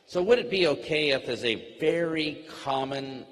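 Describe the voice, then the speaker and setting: A man giving a network marketing training, speaking slowly and simply and acting out short sample dialogues. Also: fairly high pitch, fairly bright tone. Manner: slow, plainly worded, acts out sample dialogue. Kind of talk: slow, simple teaching talk. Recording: long hall reverb.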